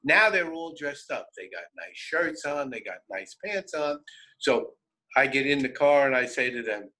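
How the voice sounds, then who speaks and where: An older man in his seventies with a New York accent, telling personal stories on the radio in an animated, wry, conversational way. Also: mid-range voice, normal speed, poor audio. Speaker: radio host. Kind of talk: personal storytelling.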